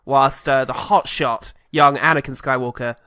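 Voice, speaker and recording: A man's voice: mid-range voice, fairly even intonation, moderate pace, bright, forceful tone, dry recording, clean studio sound. A man co-hosting a comedy podcast, talking in a sarcastic, profane, jokey way and slipping into mock voices. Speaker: podcast co-host. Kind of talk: casual comedic film chat.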